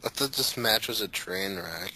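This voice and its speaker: A man's voice: fairly low pitch, moderate pace, sharp tone, breathy edge, dry recording, poor audio. A man on a casual panel chat, blunt in his opinions and hesitant with "like".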